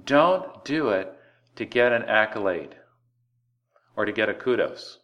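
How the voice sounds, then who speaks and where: A man preaching a sermon, lively and conversational, drawing words out for emphasis and acting out everyday voices. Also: mid-range voice, muffled recording. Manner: animated preaching, slows words for emphasis and acts out quoted voices. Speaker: pastor.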